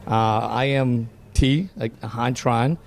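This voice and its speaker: Man, gravelly voice, interview guest, chatty storyteller. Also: mid-range voice, slow. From Vietnam. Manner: storytelling, repeats words when starting. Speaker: dental office design guest. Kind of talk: casual interview chat.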